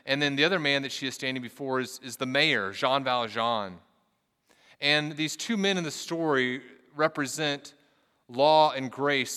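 Bright, clear-voiced man preaching in a hall. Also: fairly high pitch. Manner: earnest preaching, reads scripture aloud, casual asides. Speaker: pastor. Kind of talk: sermon.

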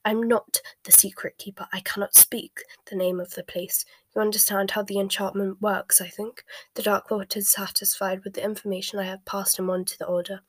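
Cunning male wizard, voiced by a woman, whispered storybook reading, smooth, measured, breathy, dry. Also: mid-range voice, level tone, no room sound, close to an everyday voice. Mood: cold. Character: cold, smooth, calculating male dark wizard.

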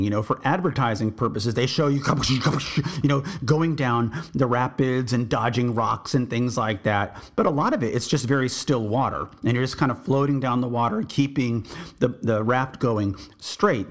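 A man's voice: medium pitch, expressive, normal speed. A man from Texas, an army veteran hosting a podcast, telling his service memories in a reflective, meandering way with frequent restarts. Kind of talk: storytelling memoir.

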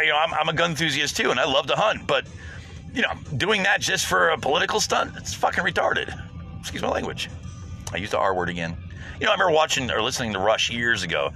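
A man hosting his own low-budget podcast, ranting bluntly and profanely in a rambling, casual way. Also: gravelly. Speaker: podcast host. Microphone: home podcast setup.

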